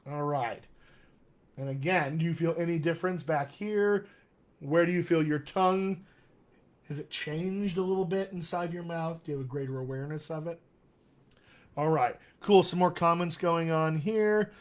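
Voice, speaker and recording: Male dialect coach, upbeat live-stream teacher, a touch high-pitched, reads viewer comments. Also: normal speed. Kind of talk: live-streamed vocal exercise lesson.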